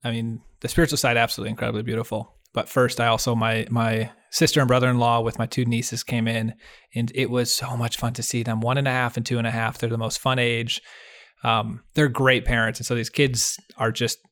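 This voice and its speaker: Male podcast co-host, mid-pitched voice, earnest and heartfelt, casual storytelling over a video call. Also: flat delivery, a little fast. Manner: earnest, heartfelt storytelling with restarts and soft laughs. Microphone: video call setup.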